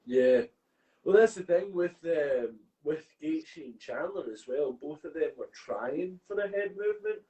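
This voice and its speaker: A man's voice: a little high, expressive, measured pace, dark tone, lo-fi sound. A Scottish man co-hosting a podcast in casual chat, swearing a lot and ranting with heat. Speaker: podcast co-host.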